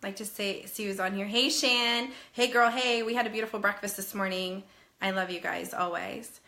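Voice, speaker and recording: A woman in her thirties chats casually on a live stream and greets viewers one by one by name. Her voice is bright and forward, and it is a little nasal and breathless from a passing cold. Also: mid-range voice, fairly even intonation, normal speed.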